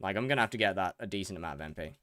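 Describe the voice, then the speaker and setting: A man's voice: low voice, expressive, very fast, sharp tone, dry recording, studio quality. A man streaming a game live, reading out chat questions and answering them in a casual, repetitive way while overheated and sweaty. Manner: reads chat questions aloud and answers, repeats phrases. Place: hot room in a house.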